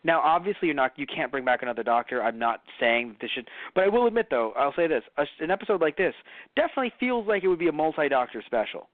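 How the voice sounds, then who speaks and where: A man co-hosting a casual review podcast, rambling and animated, cursing now and then. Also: on the high side, quick pace, dry recording. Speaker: podcast co-host. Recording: tinny phone-like audio.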